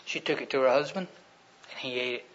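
A man preaching a sermon, retelling Bible scenes in a folksy storytelling way that swings from loud to hushed. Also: mid-range voice, fairly quick, lo-fi sound.

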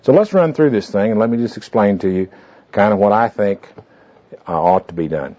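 Low, mellow man teaching a small group. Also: expressive, brisk. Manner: folksy, rambling, with many fillers and asides. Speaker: teacher leading a goal-setting class. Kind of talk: informal classroom talk with anecdotes. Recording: dull lo-fi tape recording.

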